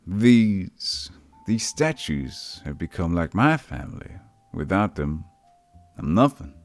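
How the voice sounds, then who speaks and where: A man voicing a chuckling, grieving and treacherous male town mayor in a low, hushed, brooding way. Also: big pitch swings, slow pace, dry recording, faint music behind, full character voice. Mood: mournful.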